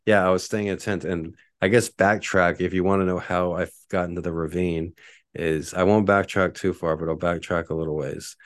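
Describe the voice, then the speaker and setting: A man's voice: sits low, steady tone, moderate pace, dry recording. A man from Texas, a podcast host, telling rambling casual stories full of "like" and casual swearing. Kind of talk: casual storytelling.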